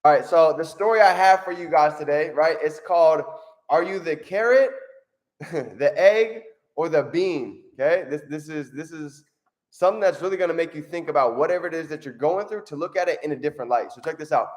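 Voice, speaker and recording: A man's voice: fairly high pitch, brisk. A man hosting a motivational video, who talks with energy and keeps tagging "right?" onto his points while he tells a story. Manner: energetic, upbeat, repeats "right?". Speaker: motivational vlogger.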